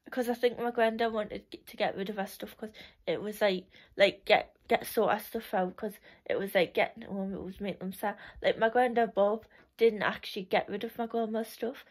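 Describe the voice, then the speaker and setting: A woman's voice: mid-range voice, fairly even intonation, brisk. A young woman reminiscing in a casual, rambling way, full of "like" and restarts, often laughing.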